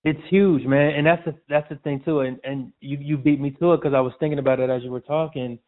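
Slightly high-pitched and steady in tone, this guest talks quickly over tinny, phone-like audio. He keeps things casual in the interview, restarting and repeating himself and addressing the host as "man" again and again.

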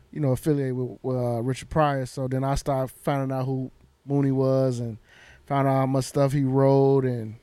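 A man's voice: mid-range voice, darkish tone, clear, resonant tone, no echo. A man chatting on a casual podcast, rambling a bit with fillers. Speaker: podcast co-host. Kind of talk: casual chat.

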